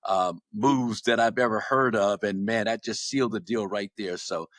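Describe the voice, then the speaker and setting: A man in his sixties from Los Angeles, a former basketball player telling stories as a podcast guest, animated and often repeating words as he restarts. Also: on the low side, moderate pace, no room sound, clean studio sound. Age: 60s. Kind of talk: casual storytelling.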